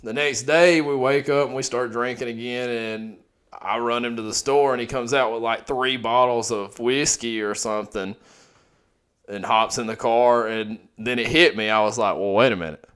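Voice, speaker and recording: A young man tells a story easily and without hurry, swearing along the way. His voice sits at a medium pitch, in relaxed podcast banter. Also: moderate pace, smooth. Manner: laid-back, profane anecdote telling. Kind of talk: casual storytelling chat.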